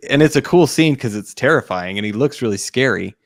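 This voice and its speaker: A man's voice: medium pitch, lively intonation, brisk, no room sound, clean studio sound. A man co-hosting a podcast, talking eagerly and loosely about a film with lots of "like" and restarts. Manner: enthusiastic, rambling, many fillers and restarts. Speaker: podcast co-host. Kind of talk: casual film discussion.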